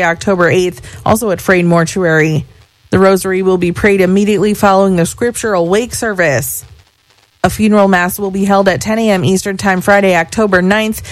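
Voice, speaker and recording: A woman radio announcer reading funeral notices in a measured, formal way. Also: mid-range voice, dry recording.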